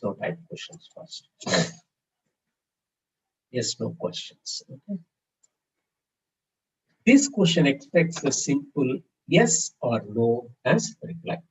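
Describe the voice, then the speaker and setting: A man's voice: mid-range voice, a little mellow, slightly rough. A man teaching a live grammar class, patiently repeating example sentences. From India. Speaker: English teacher. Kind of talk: live online grammar lesson. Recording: distant, dull-sounding mic with faint background hiss.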